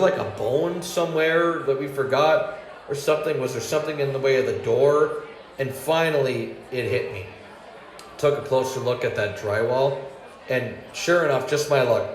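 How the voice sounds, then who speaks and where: A man doing a stand-up comedy monologue, rambling with fillers and restarts, laughing at his own jokes and acting out customer voices. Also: on the high side. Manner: acts out angry and sweet customer voices. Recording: roomy ambience with faint noise.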